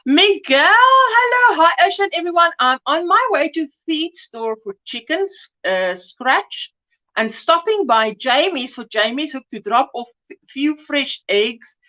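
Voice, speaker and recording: A woman's voice: high-pitched, animated, a little slow, pushed and bright. A woman hosting a crochet livestream, chatting casually as she greets viewers by name and calls them sweetheart. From South Africa. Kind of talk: casual livestream chat reading viewer comments.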